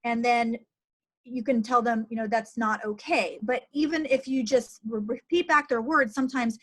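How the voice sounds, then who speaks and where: A woman's voice: fairly high pitch, moderate pace, fairly bright tone. A middle-aged woman, a physician, hosting a conversational interview in an earnest tone with plenty of fillers. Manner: earnest, uses many fillers. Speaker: physician host.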